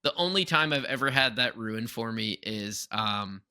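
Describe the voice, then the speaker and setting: A young man co-hosts a casual podcast with a very bright, ringing tone. He talks in a lively, animated way and often slips into playful exaggerated voices. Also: normal speed, clean tone. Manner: animated, breaks into high exaggerated impressions. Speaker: podcast co-host. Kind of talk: casual chat.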